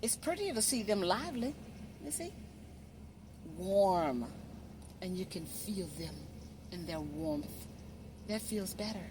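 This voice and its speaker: A woman delivering an impassioned monologue, preachy and emphatic, often asking "you see?" and dropping from loud to hushed. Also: medium pitch, animated, slow, long pauses, noisy background. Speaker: social media commentator.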